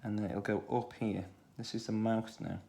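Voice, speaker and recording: A man with a Stoke-on-Trent accent, talking through a children's drawing tutorial in a relaxed way, thinking aloud as he draws. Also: fairly low pitch, moderate pace. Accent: Stoke-on-Trent English. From England. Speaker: art tutor.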